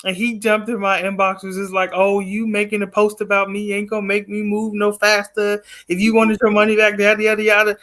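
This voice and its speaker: High-voiced man telling a story over a video call. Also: completely flat delivery, a little fast, hardly any pauses, fairly bright tone. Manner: rambling, filler-heavy telling that acts out quoted exchanges. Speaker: guest poet. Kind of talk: casual interview storytelling.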